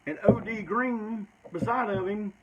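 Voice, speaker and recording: A man's voice: sits high, unhurried, highs cut off, background noise. A man telling stories in a loose, rambling, profane way, often tacking "man" onto his sentences. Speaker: storyteller. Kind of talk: casual storytelling.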